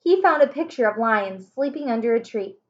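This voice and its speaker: A woman teacher reading a children's chapter book aloud, slowly and carefully, raising her voice for the children's lines. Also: a little high, expressive, dull audio. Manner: slow, careful reading with small self-corrections. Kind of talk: storybook read-aloud.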